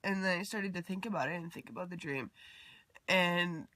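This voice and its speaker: A woman's voice: lowish voice, normal speed, pushed and bright, no echo. A woman vlogger talking about a dream in a rambling, heartfelt way, full of fillers, sometimes dropping to a near whisper. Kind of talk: personal confessional vlog.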